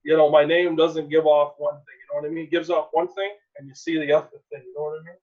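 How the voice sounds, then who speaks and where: A young man from Canada telling a personal story in a casual, animated way, laughing often and acting out the people in it. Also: fairly high pitch, quick pace. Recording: dull lo-fi sound.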